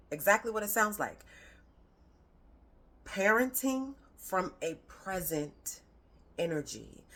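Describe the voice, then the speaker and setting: A woman's voice: low-pitched, a bit bright. A woman parenting coach giving a casual, conversational talk to camera, emphatic and slangy, with playful rhyming asides.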